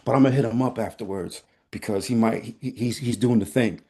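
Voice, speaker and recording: Husky-voiced man telling stories animatedly. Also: on the low side, brisk. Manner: animated storyteller, playful, candid. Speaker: teaching artist guest. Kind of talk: casual conversation.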